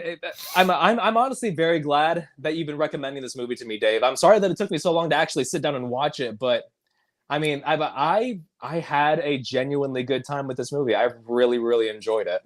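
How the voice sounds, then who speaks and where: A man hosting a relaxed movie-talk podcast, easygoing and quick to laugh. His voice sits a bit high. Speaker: podcast host. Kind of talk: casual chat.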